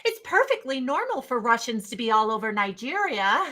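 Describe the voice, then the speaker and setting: Woman, high bright voice, unhurried, sarcastic, profane, exasperated stream rant. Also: big pitch swings, rough recording. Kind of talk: casual ranting commentary.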